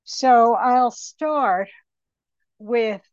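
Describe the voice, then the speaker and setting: An older woman in her late seventies shares her recovery story slowly and reflectively, with frequent pauses and ums. The recording is dry and a little dull. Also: a little high, a little mellow, dry recording. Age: 70s. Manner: slow, reflective, pausing often with ums. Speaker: recovery meeting speaker. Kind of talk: personal testimony.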